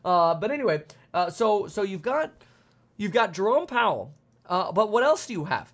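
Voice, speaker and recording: A man hosting a casual finance livestream, talking animatedly to his chat and jumping between quick asides, sarcastic jokes and chuckles. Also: sits high, big pitch swings, a bit bright. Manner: frequent fillers and restarts, chuckling. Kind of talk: casual market commentary to a live chat.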